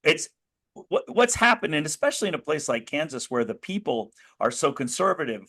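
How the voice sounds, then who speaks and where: An American man from the United States, a guest in a conversational interview, speaks in a slightly high, sing-song voice that is brisk, pushed and bright. He tells his story earnestly, restarting often and breaking into rising bursts of emphasis.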